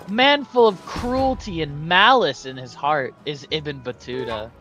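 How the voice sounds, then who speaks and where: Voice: medium pitch, unhurried, hardly any pauses, a bit bright, soft background music. A gamer giving casual gameplay commentary, breaking into melodramatic mock laments, yelps, swearing and laughter at setbacks. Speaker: strategy game streamer.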